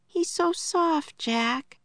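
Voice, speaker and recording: A woman voicing an excitable, tender-hearted young girl in a storybook, speaking in a breathless, eager way. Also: high-pitched, takes it slowly, gravelly, dry recording, clean studio sound, pitched above the performer's own voice, heavily acted. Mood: gentle.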